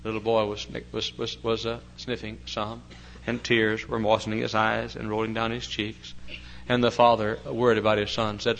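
An older man preaching a sermon, swinging from quiet talk to loud, impassioned preaching, with folksy chatty asides. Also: lowish voice, completely flat delivery, normal speed, gravelly, slight background noise, poor audio.

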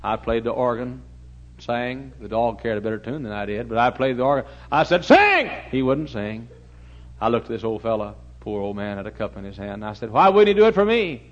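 A man preaching a storytelling sermon in a church, talking animatedly and getting suddenly loud when he acts out shouted commands. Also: fairly low pitch, level tone, brisk, highs cut off. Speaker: pastor.

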